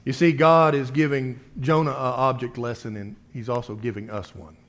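A man's voice: medium pitch, fairly even intonation, normal speed, a bit bright. A man preaching a sermon in a conversational way, reading scripture and asking the listeners rhetorical questions.

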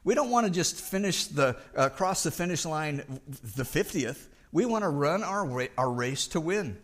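Casting: middle-aged male pastor mid-sermon, earnest delivery, slightly raised pitch, halting restarts. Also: animated, a bit bright. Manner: earnest, repeats words when restarting.

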